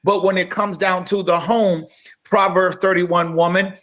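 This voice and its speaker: A grown man co-hosting a talk show, his voice sitting high for a man. He builds his points like a preacher, emphatic and direct, calling out to the audience as he goes. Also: level tone, unhurried, fairly bright tone. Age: adult. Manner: emphatic, building like a sermon, addresses listeners directly. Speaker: podcast co-host. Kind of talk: impassioned podcast talk, preacher-like.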